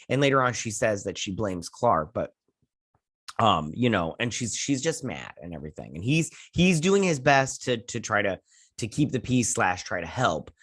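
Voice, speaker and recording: A man hosting a casual episode recap, rambling along and acting out characters' lines in quick quoted bits, swearing now and then. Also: on the low side, a bit bright, dry recording, clean studio sound. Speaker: host.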